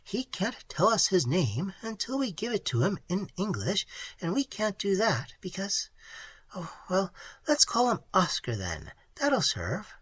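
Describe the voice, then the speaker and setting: Earnest young woman explorer, read by a narrator; soft, breathy, questioning storybook voice. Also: huge pitch swings, unhurried, dry recording, exaggerated voice. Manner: pleading, questioning, softer and higher than the narration. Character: young woman space traveler, earnest and quick. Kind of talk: audiobook character voice.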